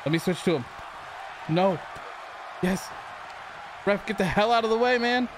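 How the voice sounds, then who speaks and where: A man with a high voice calls his game as he plays, excitable and loud in his reactions. He jokes and argues with the characters on screen. Clear noise hums under the recording. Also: a little slow. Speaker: gaming channel host. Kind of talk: let's play commentary.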